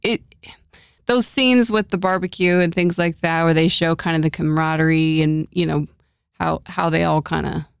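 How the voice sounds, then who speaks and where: A woman's voice: deep voice, fairly even intonation, normal speed, creaky, clean tone, no room sound, studio quality. A woman co-hosting a casual talk show, chatty and agreeable, who laughs easily. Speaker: podcast co-host. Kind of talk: casual chat.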